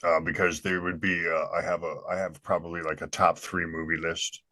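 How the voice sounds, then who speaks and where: Podcast co-host, man, deep voice, dry close sound, relaxed halting delivery. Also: dry recording. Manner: easygoing, halting with many fillers. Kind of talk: casual chat.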